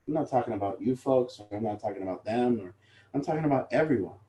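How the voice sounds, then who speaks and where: Fast, animated, and dark in tone, a medium-pitched man addresses his support group informally. As their leader he rambles candidly and swears casually, and the room gives a noticeable echo.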